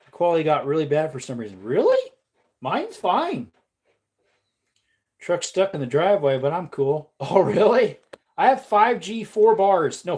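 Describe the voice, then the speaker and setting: Playful streamer woman with a lively voice. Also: deep voice. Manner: playful, laughs often, slips into silly voices. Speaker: livestreamer reloading ammunition. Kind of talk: casual livestream chat.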